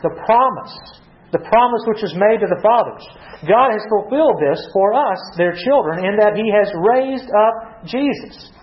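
A man preaching a Bible-teaching sermon, reading verses aloud and asking rhetorical questions. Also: high voice. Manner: asks rhetorical questions, reads scripture aloud. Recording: echoey, dull lo-fi.

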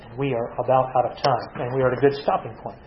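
A man's voice: mid-range voice, little pitch movement, quick pace, slight background noise. Man teaching scripture in an echoey hall. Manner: asks rhetorical questions, reads scripture aloud. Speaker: preacher. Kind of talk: Bible teaching sermon. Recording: echoey, dull lo-fi.

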